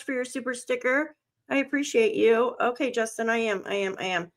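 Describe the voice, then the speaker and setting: A woman with a slightly high voice speaks a bit quickly. She hosts a live stream about a missing child, shaken and on edge, muttering to herself as she hunts for updates.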